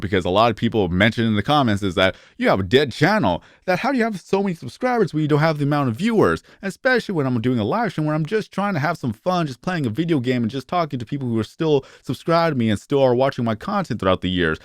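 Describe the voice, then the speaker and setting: A man's voice: medium pitch, smooth, no echo, studio quality. A man in his thirties talking to his phone camera in a casual vlog, rambling and often restarting or stuttering. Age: 30s. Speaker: YouTuber.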